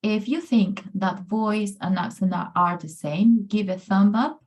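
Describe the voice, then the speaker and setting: Slow-speaking woman coach. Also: mid-range voice, darkish tone. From Peru. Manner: upbeat, encouraging, often says amazing and brilliant. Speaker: pronunciation coach presenting a workshop. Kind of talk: online presentation. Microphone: video call.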